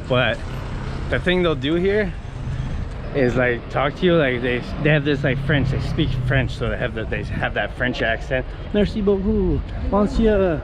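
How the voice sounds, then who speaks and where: A man casually vlogging while walking through a city, chatting and giving tips to viewers. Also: medium pitch. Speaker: travel vlogger. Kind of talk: casual travel vlog. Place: outdoors on busy city streets. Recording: noisy outdoor street recording.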